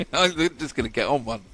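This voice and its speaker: A man's voice: medium pitch, lively intonation, normal speed, bright, forceful tone. Chatty joking male race commentator. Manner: chatty, joking, laughs often. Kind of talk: live motorsport commentary.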